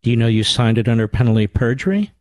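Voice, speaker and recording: A man's voice: mid-range voice, expressive, rapid-fire, darkish tone, no room sound, voice pushed down, lightly acted. A man playing a cold tax official who reads out code sections and talks down to the person he accuses. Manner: bureaucratic, clipped, condescending.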